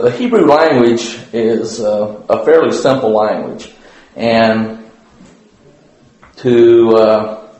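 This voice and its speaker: A man teaches an informal Bible lesson at church, folksy and rambling, full of fillers and restarts. His voice is mid-range and darkish, and the room is very echoey.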